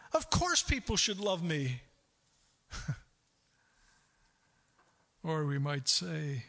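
A middle-aged male pastor giving a sermon with a bright, sharp voice set a little high for a man. He talks in a lively way, laughing now and then and acting out the voices he quotes.

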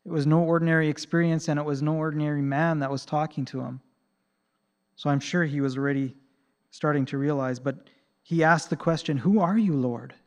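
A man preaching a sermon, swinging between loud emphasis and soft, hushed quotations. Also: fairly high pitch, flat delivery, fairly quick, smooth.

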